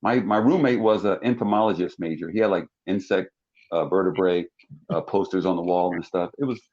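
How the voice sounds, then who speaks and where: A man in his sixties from South Jersey, a talk show guest telling animated stories and acting out the people in them. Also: fairly quick, muffled recording. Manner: acts out quoted people with big pitch jumps. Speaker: talk show guest, former football player. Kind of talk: animated storytelling.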